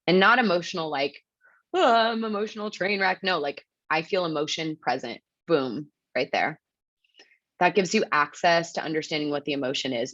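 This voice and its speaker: Woman with a low voice teaching a webinar, chatty and upbeat, lots of "like" and "right?", muffled lo-fi call audio. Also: fairly bright tone, no room sound. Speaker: webinar presenter. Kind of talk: casual teaching talk.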